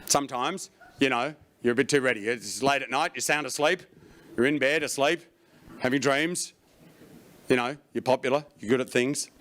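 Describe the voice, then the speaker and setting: A middle-aged man performing a stand-up comedy routine on stage, breaking into loud shouted bursts. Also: mid-range voice, normal speed. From Australia. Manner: swings into loud shouted bursts for acted panic. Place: stage before a laughing audience.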